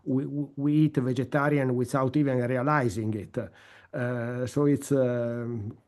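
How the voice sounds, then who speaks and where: A man's voice: mid-range voice, steady tone, a little slow, darkish tone. A man from the Mediterranean in his fifties or older, co-hosting a webinar and telling a personal story while searching for words. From Mediterranean region. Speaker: co-host.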